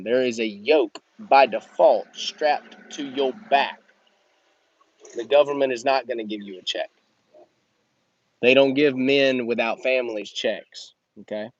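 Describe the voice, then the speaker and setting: A man delivers a blunt, emphatic motivational talk in a mid-range voice, preaching straight at his listener like a coach. The sound is dry, with no room echo. The recording is dull and lo-fi. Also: mid-range voice. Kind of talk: motivational monologue.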